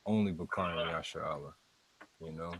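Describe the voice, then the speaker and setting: A man teaching scripture in a casual, halting way, going slowly word by word and often repeating himself. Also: very deep voice, fairly bright tone, breathy edge, dry recording, low-quality recording. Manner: slow, halting, repeats words and fillers. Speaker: street preacher teaching scripture.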